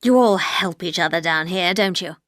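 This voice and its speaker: A woman doing a sneering, lower-voiced man. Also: moderate pace, fairly bright tone, dry recording, clean studio sound, natural voice. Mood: taunting. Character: sneering bitter man accusing others.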